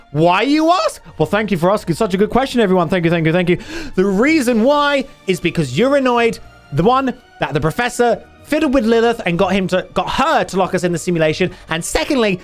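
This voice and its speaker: A cheeky man in a comedic Minecraft roleplay, mocking and theatrical. His pitch leaps all over the place. Faint music plays behind him. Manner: cheeky, mocking, theatrical, shouting when excited. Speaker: roleplay player character.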